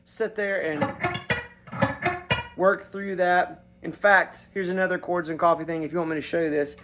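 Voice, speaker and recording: Chatty folksy guy with a high voice giving a guitar lesson, keeps saying "right?", guitar licks in between. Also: little pitch movement, moderate pace, fairly bright tone. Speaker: guitar teacher and show host. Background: his own guitar playing.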